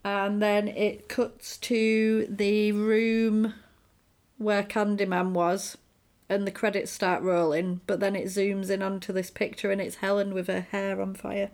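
Woman, podcast co-host, casual chat, lively storyteller. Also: mid-range voice, measured pace. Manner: animated storyteller, acts out quotes. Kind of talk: casual film recap chat.

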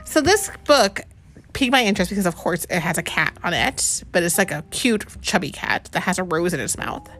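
Animated mom reading a storybook aloud. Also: female voice, on the low side, brisk, soft background music. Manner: chatty, animated, asks the child questions. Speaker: parent reading to her child.

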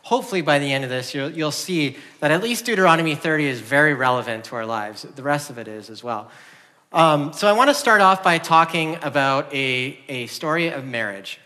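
A middle-aged pastor preaches a sermon in a church sanctuary, earnest and conversational, often restarting his sentences. His voice is fairly high, animated, bright, and forceful, and he speaks fairly quickly. A long hall reverb fills the recording.

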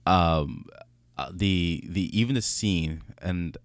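A low-voiced man of Jamaican descent in a relaxed podcast chat, voice pitched a little under the usual. He talks with animation, restarting and repeating phrases, on a dry, close mic with no room sound. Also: takes it slowly, no echo. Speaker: podcast co-host. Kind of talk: casual chat.

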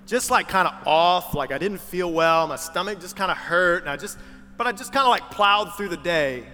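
A young adult man preaching a sermon in a large church, telling stories in a relaxed, conversational way and putting on the voices of the people he quotes. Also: sits high, normal speed. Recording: reverberant hall with music underneath.

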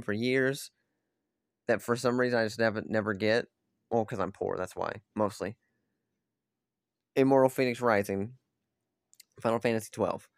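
A young man rants casually into a close mic, rambling and exasperated, dropping frequent curses and short laughs. His voice is smooth and clear, with a dry, close sound and no room around it. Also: mid-range voice, a bit bright, dry recording. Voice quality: swears a lot, quick laughs between rants. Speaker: streamer. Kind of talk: casual ranting vlog.

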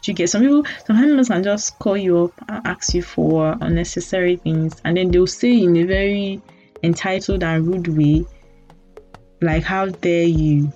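Young Nigerian woman, podcast host, low voice, candid, teasing mock apologies, dull lo-fi sound. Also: a little fast, mellow. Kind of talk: casual solo podcast monologue. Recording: dull lo-fi audio with faint music.

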